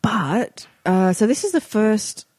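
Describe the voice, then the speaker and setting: A woman's voice: mid-range voice, sing-song, slow pace, a little mellow, breathy edge, no room sound, studio quality. A woman co-hosting a podcast, chatting casually about books and laughing often. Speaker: podcast co-host. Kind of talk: casual book review chat.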